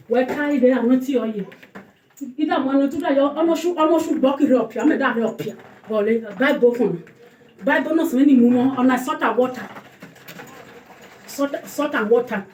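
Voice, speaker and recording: A woman with a Nigerian accent, warmly pouring out repeated birthday blessings in a casual vlog. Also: high voice, brisk, long pauses, slight background noise. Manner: effusive, repetitive blessings, mixes pidgin with local language. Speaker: food channel vlogger. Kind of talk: casual birthday greeting to camera. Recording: roomy and distant from the mic.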